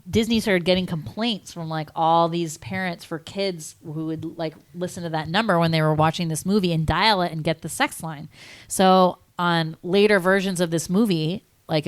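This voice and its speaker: A woman's voice: fairly low pitch, fairly even intonation, normal speed, dry recording. A young woman co-hosting a podcast, chatting casually and laughing, with lots of "like" in her talk. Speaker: podcast co-host. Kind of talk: casual chat.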